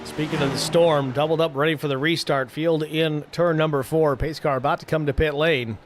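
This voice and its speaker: A man hosting and calling a sim race play-by-play in a brisk, matter-of-fact way. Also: on the high side, steady tone, slight background noise. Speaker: play-by-play host. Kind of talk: sim racing play-by-play commentary.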